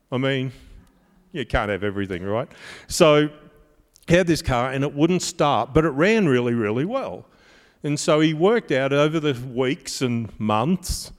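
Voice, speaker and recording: A man preaching a sermon, telling stories that build to emphatic peaks and then drop quiet. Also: mid-range voice, big-room sound. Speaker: pastor.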